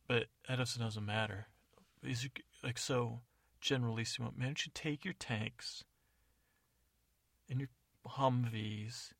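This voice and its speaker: A man delivering a loose, improvised comic monologue with deadpan asides. His voice has a gravelly, rough edge. The sound is dry and close, with no room echo. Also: mid-range voice, moderate pace. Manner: rambling, self-correcting, deadpan asides. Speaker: comedy podcast narrator.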